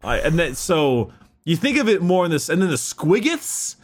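A man's voice: a little high, big pitch swings, normal speed. A man co-hosting a casual podcast chat, explaining game lore eagerly and swearing freely. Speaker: podcast co-host.

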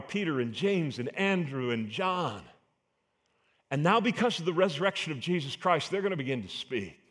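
A man preaching a sermon as pastor, earnest and emphatic, asking the congregation rhetorical questions. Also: sits high.

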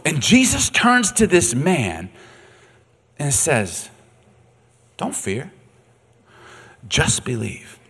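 A man preaching a sermon, dramatic and swinging from quiet to loud, in a long echoey hall. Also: medium pitch, slightly rough. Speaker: pastor.

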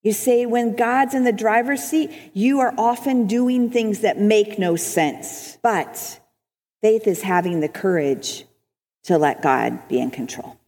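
A woman's voice: medium pitch, slow. A woman telling an emotional personal testimony as a speaker at a church service. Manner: animated, emotional storyteller. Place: church hall. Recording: reverberant church hall.

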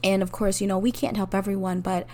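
A woman's voice: mid-range voice, steady tone, fast talker. Earnest woman hosting a heartfelt podcast. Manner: earnest, heartfelt, with soft laughs and rising emphasis; speaks directly to the listener. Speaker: podcast host. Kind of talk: personal reflective monologue.

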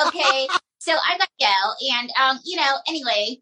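Husky, bright-voiced chatty woman. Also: sits high, animated, normal speed, rough recording. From United States. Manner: chatty, rambling, with many fillers. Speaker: comedian and ventriloquist guest. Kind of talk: casual interview chat.

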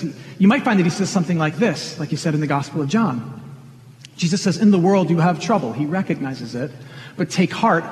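A man preaching a sermon in an earnest, conversational way, asking his listeners questions. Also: a little high. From Michigan. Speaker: pastor. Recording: long reverb of a large hall.

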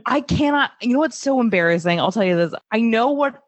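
A woman's voice: on the high side, lively intonation, fairly quick, no room sound. Bawdy, laughing young woman comedian. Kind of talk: casual podcast chat.

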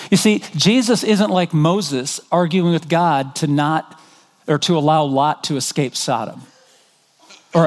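A middle-aged man preaching a sermon as pastor, conversational, telling stories and quoting scripture. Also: fairly high pitch. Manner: conversational, storytelling, animated when quoting.

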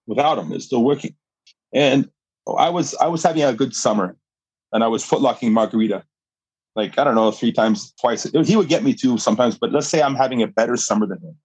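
A man's voice: medium pitch, animated, fairly quick, darkish tone, husky, dry recording, low-quality recording. A middle-aged man, a guest on a podcast, telling a story with energy, laughing often and restarting his sentences. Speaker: guest, jiu-jitsu fighter and coach.

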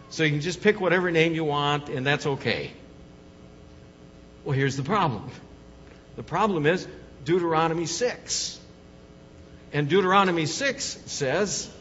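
A man's voice: on the high side, fairly bright tone, slight background noise. A pastor preaching an emphatic sermon, putting questions to his congregation. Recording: long hall reverb, dull lo-fi sound.

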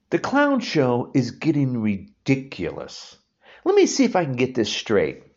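A man in his sixties giving an angry, insulting rant, repeating himself. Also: mid-range voice. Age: 60s. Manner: furious, insulting, repetitive. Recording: dull lo-fi recording.

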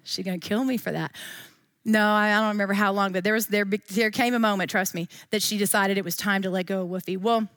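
A woman's voice: medium pitch, fairly even intonation, quick pace, fairly bright tone, no room sound, clean studio sound. A woman, leading a Bible study in a chatty, playful way, full of asides.

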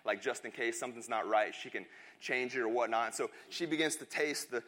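A pastor in his thirties tells a funny family story during a sermon, chatty and joking throughout. His voice is medium-pitched, brisk, pushed and bright.

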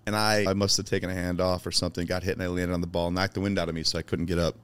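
Brief: low-voiced man from Chicago, podcast guest, emphatic and sincere storyteller. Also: little pitch movement, rapid-fire, fairly bright tone, clear, resonant tone. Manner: emphatic, heartfelt, swears casually. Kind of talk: personal storytelling in conversation.

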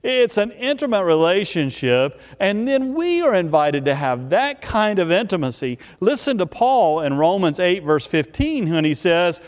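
A man preaching a sermon, speaking emphatically and repeating key words with drawn-out pauses. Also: high-pitched, very animated. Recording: long reverb of a large hall.

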